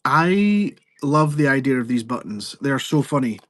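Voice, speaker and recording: A man's voice: mid-range voice, big pitch swings, moderate pace, fairly bright tone. A man hosting a selling live stream, chatting in a rambling, joking way. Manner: rambling, jokey, self-interrupting. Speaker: livestream seller host. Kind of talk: casual live-stream chat.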